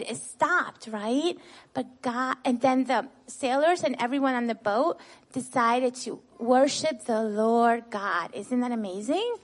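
A woman teaching children a Bible lesson. She retells the story in a lively, expressive way, tags nearly every sentence with "right?" and asks the children questions before answering them herself. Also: a little high, slow pace.

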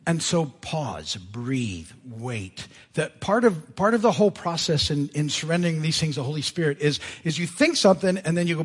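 Male pastor, lively pitch, somewhat husky; chatty, self-amused sermon delivery. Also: moderate pace. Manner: conversational, animated, laughs at himself. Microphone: live sermon mic. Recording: church service audio.

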